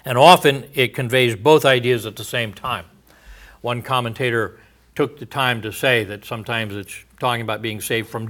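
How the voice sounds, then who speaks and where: A man preaching a verse-by-verse sermon, thinking aloud with frequent fillers and restarts, often trailing off into a low murmur at phrase ends. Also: fairly bright tone. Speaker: pastor. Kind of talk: expository sermon.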